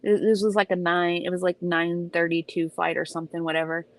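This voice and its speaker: A young woman tells a story in a casual vlog, swearing freely and leaning hard on her words. Her voice sits a little low for a woman. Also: fairly quick, no echo. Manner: animated, profane, emphatic retelling. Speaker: vlogger.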